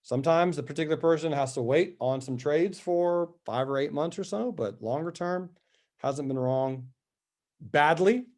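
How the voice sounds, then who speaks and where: A man's voice: on the high side, moderate pace, darkish tone. A man hosting a live trading show, going over stock charts with upbeat, chatty commentary and answering viewer questions.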